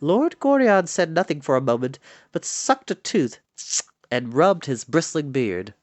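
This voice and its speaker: A man's voice: medium pitch, a little slow, no echo, faint music behind. A man reading a novel chapter aloud, acting out the dialogue. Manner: animated, acts out dialogue. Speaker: storyteller.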